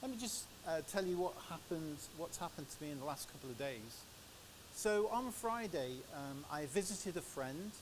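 Give me an English preacher at a church microphone, sharing stories in a relaxed, anecdotal way. His voice sits a little high for a man. A steady hiss runs under the recording. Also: moderate pace. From England. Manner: chatty, anecdotal storytelling. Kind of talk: sermon with personal stories.

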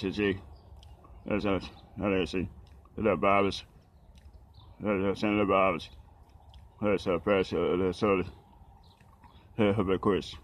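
A man talking haltingly about the Bible, with many pauses, fillers and restarts. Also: deep voice, flat delivery.

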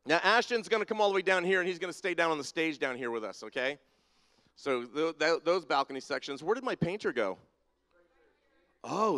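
A man with a fairly high, bright, forceful voice leads a playful audience-participation segment in a large church sanctuary with a balcony and spotlights, teasing people and calling them down by name. The recording carries the long reverb of a big hall.

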